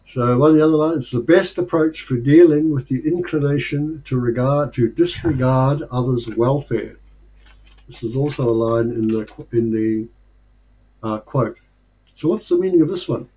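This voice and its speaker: A man leading a casual study group discussion, talking in a thoughtful, unhurried way with pauses and fillers. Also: medium pitch, warm tone, rough recording.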